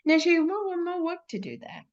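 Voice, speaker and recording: Lively woman guest on a dull lo-fi line. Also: very high-pitched, brisk. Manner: animated, laughs often, acts out her own thoughts. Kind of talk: conversational interview. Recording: dull lo-fi sound.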